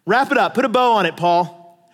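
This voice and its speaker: A male pastor preaching a lively, conversational sermon with casual asides. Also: high voice, moderate pace, big-room sound. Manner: animated, conversational preaching with asides and paraphrased voices.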